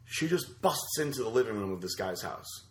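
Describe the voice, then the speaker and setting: A man co-hosting a podcast, telling a story in a rambling, halting way with many fillers. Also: lowish voice, animated. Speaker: podcast co-host. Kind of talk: casual storytelling chat.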